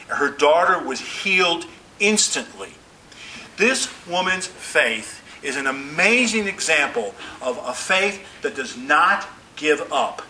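A man's voice: fairly high pitch, expressive, takes it slowly, sharp tone, a little hiss or hum, low-quality recording. A man preaching a sermon as pastor, earnest and emphatic, lifting his voice on quoted pleas.

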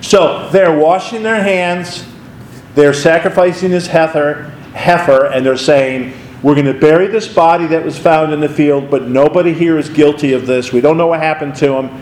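Male pastor, conversational Bible teacher, animated storyteller, echoey room. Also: fairly high pitch, normal speed, a little hiss or hum.

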